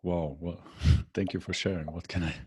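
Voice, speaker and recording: A man's voice: low voice, fairly even intonation, normal speed, a little mellow, slightly rough. A man hosting a podcast interview, speaking thoughtfully and hesitantly with many filler words. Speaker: podcast host. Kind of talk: casual interview conversation.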